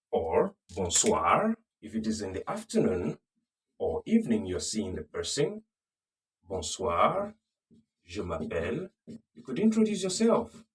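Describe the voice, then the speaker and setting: A man teaching a recorded beginner French lesson, patiently repeating phrases slowly and checking in with the viewer. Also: fairly low pitch, far from the mic.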